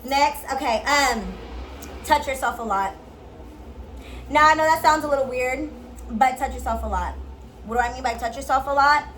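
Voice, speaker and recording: A woman vlogger giving a casual tutorial straight to camera. She is playful and blunt, swears a lot and uses slang, and at times drops into a low, slow sultry voice to demonstrate. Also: fairly bright tone, slight background noise, poor audio. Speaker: beauty and lifestyle vlogger.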